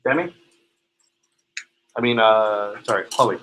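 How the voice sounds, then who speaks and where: Man lecturing law students in a classroom, bright and pointed, keeps checking in with "okay?". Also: fairly low pitch, slow, a little hiss or hum, rough recording. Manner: questions students by name, frequent "right?" and "okay?". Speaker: law professor.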